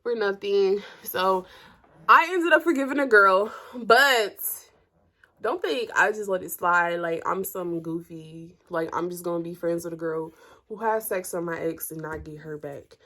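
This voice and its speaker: A woman's voice: fairly low pitch, measured pace. A young woman telling a personal story to her viewers in casual chat, blunt and profane, her voice jumping up when she gets heated. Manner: animated, voice jumps up when heated.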